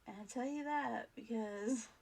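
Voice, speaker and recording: A woman's voice: fairly high pitch, unhurried, darkish tone, slightly rough. A woman vlog host telling a personal story in a casual, earnest, rambling way, full of fillers and restarts.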